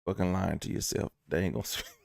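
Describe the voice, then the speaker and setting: A man's voice: deep voice, steady tone, fast talker, creaky, darkish tone, no echo, studio quality. A man giving a casual, profane, joking storytime rant to his viewers, rambling and acting out bits of dialogue. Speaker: vlogger.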